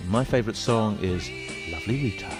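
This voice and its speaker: A man narrating a mock documentary in a deadpan, jokey way. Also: fairly low pitch, brisk, over loud music. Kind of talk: scripted narration.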